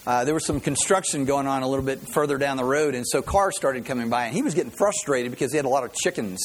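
A man's voice: mid-range voice, fast talker, a little hiss or hum. A man preaching a sermon as pastor, a folksy, joking storyteller who greets visitors and tells a funny story before his message.

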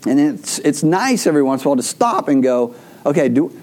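A pastor with a warm, mellow voice preaches a sermon to his congregation. He tells stories loosely and conversationally, stumbling and restarting often as he goes. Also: on the high side, very animated, fast. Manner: rambling storyteller with frequent restarts.

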